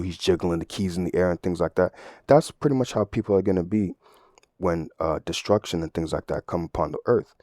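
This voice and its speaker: A man's voice: low-pitched, fast, warm tone, no echo, clean studio sound. A man giving a casual, conversational Bible teaching, often checking in with "right?" and using everyday analogies. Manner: conversational, tag questions, sports analogies. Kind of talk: casual sermon.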